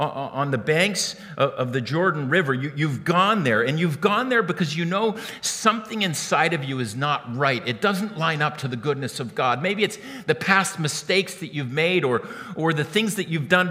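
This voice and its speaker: A man preaching a sermon in an animated way, often repeating words as he starts a phrase. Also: a little high, in a large hall. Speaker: pastor.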